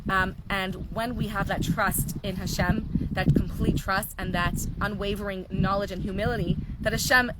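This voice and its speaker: A woman teaching a live class, telling stories in an animated, earnest way. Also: medium pitch, heavy background noise. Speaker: Torah teacher.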